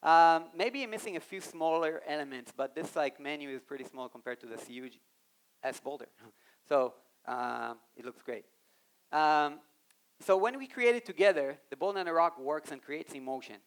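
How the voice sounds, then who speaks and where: A man giving an animated live talk on a conference stage, speaking straight to the audience and acting out quoted voices. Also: fairly high pitch, normal speed, clear, resonant tone. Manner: animated, addresses the audience directly.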